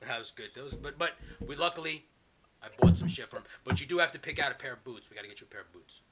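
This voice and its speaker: Fast-talking man telling rowdy stories. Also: mid-range voice, lively intonation, crowd noise. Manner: fast, rambling storyteller, swears a lot. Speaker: podcast host. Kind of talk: casual chat. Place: home, over a video call.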